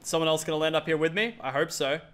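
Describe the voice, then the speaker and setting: A young man giving excitable, playful commentary over a mobile battle royale match. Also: on the high side, slight background noise. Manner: excitable, quick reactions, playful trash talk. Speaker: gaming YouTuber. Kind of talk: gameplay commentary.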